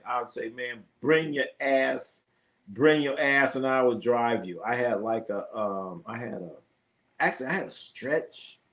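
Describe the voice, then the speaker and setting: A middle-aged man hosting a live sports stream, chatting casually with viewers and telling profane, animated stories. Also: medium pitch.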